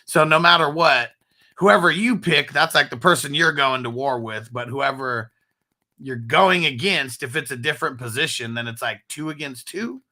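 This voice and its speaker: A man's voice: medium pitch, normal speed, sharp tone. A man hosting a casual fantasy football chat show, reading chat comments aloud and telling stories with lots of laughter. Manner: loose, laughing storyteller, reads chat aloud. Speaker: podcast host.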